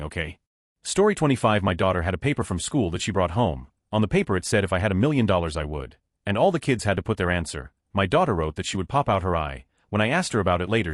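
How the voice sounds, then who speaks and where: A man narrates a run of short online stories in scripted style, speaking quickly with a lot of rise and fall. His voice sits a little low. The sound is dry, with no room around it. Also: no echo. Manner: reads each numbered story straight through, quoting children's lines in his own voice. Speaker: narrator of a story channel.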